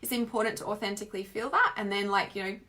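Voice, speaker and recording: An Australian woman giving a casual, chatty spiritual teaching talk, expressive and full of filler words. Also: mid-range voice, fast talker.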